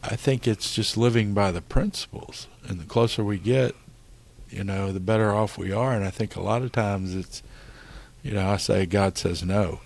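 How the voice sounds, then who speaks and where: This middle-aged podcast co-host has a gravelly, darkish voice on the low side, speaking at a moderate pace. His talk on faith and recovery is earnest and casual, sprinkled with frequent "you know"s.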